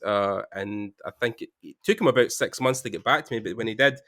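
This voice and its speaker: A man's voice: medium pitch, fast, hardly any pauses, fairly bright tone. A Scottish man chatting casually on a podcast, rambling with lots of fillers. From Scotland. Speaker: 3D artist guest.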